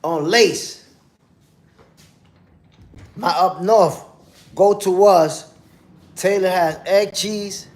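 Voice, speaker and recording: A man's voice: high-pitched, very slow, pauses often. A man hosting a casual live-stream chat, slangy and laid-back, reading viewer comments aloud. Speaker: host.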